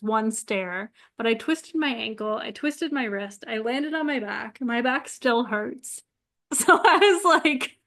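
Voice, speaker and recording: A young woman with a slightly high voice talks easily to her viewers about astrology. She is relaxed and chatty, laughs often and leans on "like" as she goes. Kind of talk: casual solo advice talk to camera.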